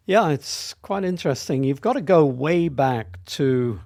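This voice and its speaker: A man's voice: fairly high pitch, expressive, measured pace, vocal fry, darkish tone, no room sound, clean studio sound. A man of about 60 from near Manchester, telling stories from his career as a guest, with hesitant fillers and restarts. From near Manchester, England. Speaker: hotel group chief executive, guest. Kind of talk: reminiscing storytelling.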